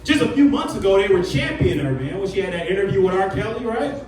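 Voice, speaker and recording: A man's voice: high-pitched, sing-song, fast talker, a little mellow. A man from Detroit doing stand-up, with a loose, conversational delivery and frequent asides like "you know" and "man". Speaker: stand-up comedian. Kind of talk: stand-up set. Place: comedy club stage with a live audience. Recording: roomy live club sound, audience laughter, from far off.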